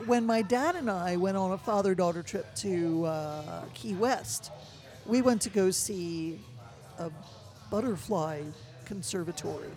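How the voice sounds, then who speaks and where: Woman, co-host, playful, quick asides, casual chat, faint background music. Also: lowish voice, darkish tone. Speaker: podcast co-host.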